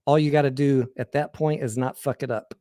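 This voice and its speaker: A man's voice: mid-range voice, steady tone, brisk, dark tone, dry recording, studio quality. Candid rambling American man telling stories. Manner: candid, rambling, crude anecdotes with frequent restarts. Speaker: host. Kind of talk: casual storytelling on a livestream.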